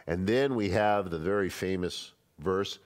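A man's voice: sits low, unhurried. A man, a pastor teaching a Bible study in a conversational, emphatic way. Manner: conversational and emphatic, acting out quoted speech.

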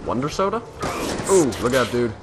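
A young man giving casual commentary while playing a video game, full of excited little exclamations. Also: medium pitch, moderate pace, heavy background noise. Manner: excitable, with lots of surprised exclamations. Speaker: gamer. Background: game music.

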